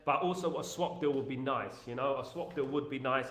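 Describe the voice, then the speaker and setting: A man's voice: medium pitch, a little fast, a bit bright, reverberant. A man hosting a football fan channel, chatting casually on a live stream and reading out viewer messages in a repetitive, joking way full of filler phrases.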